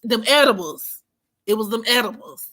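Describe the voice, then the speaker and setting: A woman tells a story on her channel in a loose, animated way. Her voice sits a bit high and sounds bright and forward. She swears freely and laughs often. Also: normal speed. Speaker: astrology streamer. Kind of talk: casual storytelling chat.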